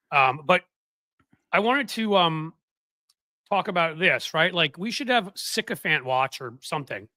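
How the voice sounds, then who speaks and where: A man hosting a political commentary show, chatting casually with a sarcastic, rambling, animated manner. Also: fairly high pitch, no room sound.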